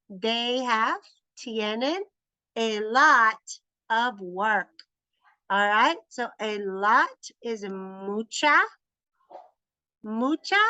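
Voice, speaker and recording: A woman teaching a Spanish grammar lesson, slow and patient, repeating each phrase. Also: on the high side, pushed and bright, no echo, low-quality recording.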